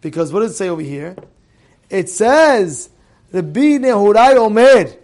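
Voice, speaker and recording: A middle-aged man delivers a sermon in a notably high voice. He tells stories with animated energy, repeats key phrases for emphasis, and slips Hebrew words into his talk. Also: moderate pace. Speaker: Torah teacher.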